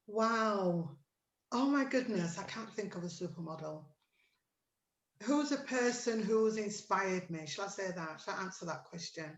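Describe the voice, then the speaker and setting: A woman's voice: mid-range voice, animated, unhurried, reverberant, low-quality recording. A woman hosting an online chat over a video call, chatty and emotional with lots of fillers. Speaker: host of an online chat show.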